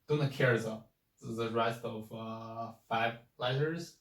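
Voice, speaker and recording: Slow, halting man teaching pinyin tones. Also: medium pitch, fairly even intonation, far from the mic. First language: Chinese. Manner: halting, repeats words, demonstrates sounds aloud. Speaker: Chinese language teacher. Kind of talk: online pinyin lesson. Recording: echoey room, mic set back.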